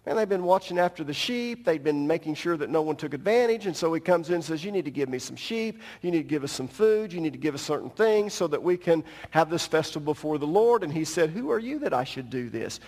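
Pastor guy preaching, higher voice, lively storytelling, church hall reverb. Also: fast talker, hardly any pauses. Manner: animated storytelling preacher, joking asides. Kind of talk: sermon.

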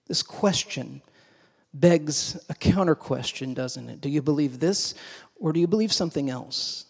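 Preacher in an echoing hall. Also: male voice, fairly high pitch, moderate pace, gravelly, husky. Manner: dramatic, swings between hushed and emphatic. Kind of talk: sermon. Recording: long hall reverb.

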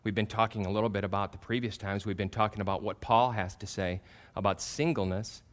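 In a fairly low voice and at a brisk clip, a fifties-aged pastor preaches through humorous stories about himself. He tells them with animation and gets loud as each one hits its punchline.

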